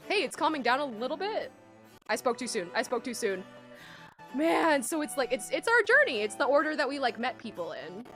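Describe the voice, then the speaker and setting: A young woman streaming a game, excitable and gushing, with frequent gasps. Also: sits high, normal speed. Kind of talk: casual live-stream commentary. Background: faint game music.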